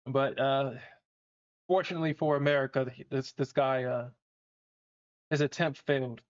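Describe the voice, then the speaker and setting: A man's voice: medium pitch, moderate pace, clear, resonant tone. A man hosting a live trading stream, chatting casually, swearing and laughing as he talks. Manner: animated, swearing, laughing often. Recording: dull lo-fi stream audio.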